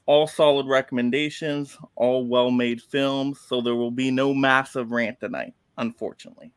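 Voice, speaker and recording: Animated man ranting on a dry mic. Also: medium pitch, moderate pace, smooth, no room sound. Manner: animated, exasperated ranting about plots. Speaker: movie reviewer on a collectors' round table. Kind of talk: casual video chat review.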